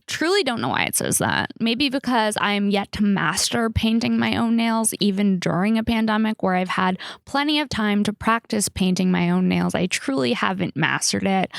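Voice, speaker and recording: Young Californian woman, podcast host, rambling storyteller, vocal fry. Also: mid-range voice, very animated, moderate pace, dry recording, studio quality. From Los Angeles area, United States. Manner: chatty storytelling with many fillers and restarts. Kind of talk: casual solo Q&A podcast.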